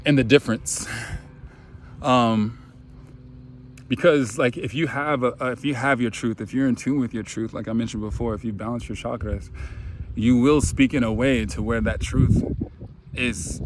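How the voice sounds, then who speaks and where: Rambling man with a crackly throat. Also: medium pitch. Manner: relaxed, rambling, full of "you know". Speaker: spiritual video host. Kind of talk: casual spiritual talk.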